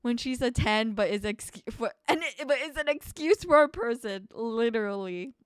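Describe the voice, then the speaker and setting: A woman streaming a game, reading its dialogue and chatting with viewers in an animated, indignant way. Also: a little high, normal speed, clean tone, no room sound, studio quality.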